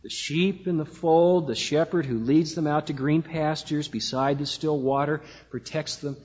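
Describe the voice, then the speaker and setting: A man preaching a sermon in a church, measured and slowing down to stress key words. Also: fairly high pitch, darkish tone, husky. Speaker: pastor. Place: church sanctuary. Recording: dull lo-fi sound with long hall reverb.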